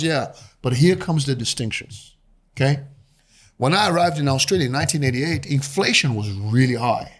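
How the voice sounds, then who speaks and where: A man's voice: medium pitch, expressive, normal speed. A man in his fifties from Brazil, a native Portuguese speaker with a Brazilian accent, telling his story as an interview guest and acting out voices with animation. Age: 50s. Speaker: guest investor.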